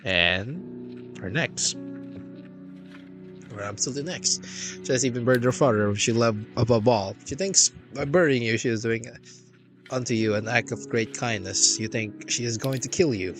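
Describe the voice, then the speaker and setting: A man's voice: medium pitch, fairly quick. A young man streaming, reading a text game aloud with wry, slangy asides. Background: game music.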